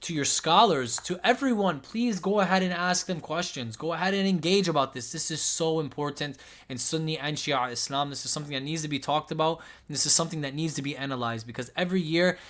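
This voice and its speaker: A man's voice: fairly high pitch, a little fast, hardly any pauses, fairly bright tone. A young man giving impassioned religious commentary, emotional and pleading, often repeating himself.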